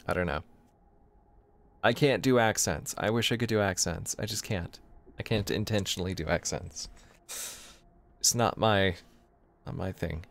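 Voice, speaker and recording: Low-voiced man rambling through a game. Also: moderate pace, creaky, pauses often, fairly bright tone. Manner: rambling, self-deprecating asides; reads game dialogue aloud in his own voice. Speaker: let's play gamer. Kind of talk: casual gameplay commentary.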